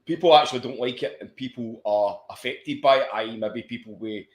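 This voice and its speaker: A man's voice: mid-range voice, brisk, echoey room. A Scottish man co-hosting a casual football podcast, laid-back and stammering on his starts, with the odd swear. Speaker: podcast co-host.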